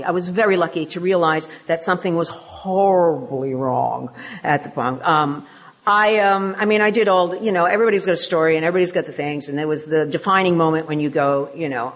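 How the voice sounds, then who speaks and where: An older woman from England sharing her personal testimony at a recovery meeting, joking about herself between many fillers. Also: lowish voice.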